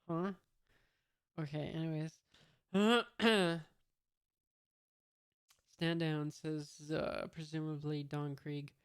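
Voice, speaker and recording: A reader casually reading a comic aloud, halting with many fillers, reading out sound effects and punctuation, with dry offhand asides. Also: mid-range voice, clear, resonant tone, no echo.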